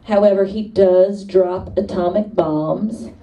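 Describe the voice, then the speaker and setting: A woman in her thirties doing a stand-up comedy set, animated and chatty about motherhood life with quick asides. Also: mid-range voice, recorded from a distance, muffled recording. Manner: animated, puts on voices for quoted exchanges. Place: comedy club stage.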